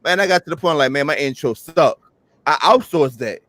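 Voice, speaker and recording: A hyped-up man pushes his points hard in a casual chat, emphatic and motivational. His voice is a touch high. The sound is dry and close. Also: brisk, a bit bright, no echo. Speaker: YouTuber and co-host.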